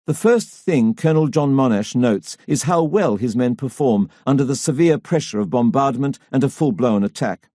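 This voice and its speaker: A man reading a history audiobook aloud as its narrator, in a measured, dramatic way that lifts for quoted voices. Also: medium pitch, lively intonation, mellow, no room sound, clean studio sound. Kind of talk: scripted narration.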